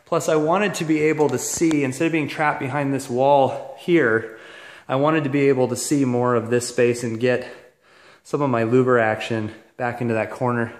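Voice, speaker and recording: A man's voice: mid-range voice, steady tone, moderate pace. Slightly winded man on a walkthrough. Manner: chatty, explains on the move with many fillers. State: a little out of breath. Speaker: heating contractor giving a walkthrough. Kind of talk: casual walkthrough. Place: house, indoors and outdoors.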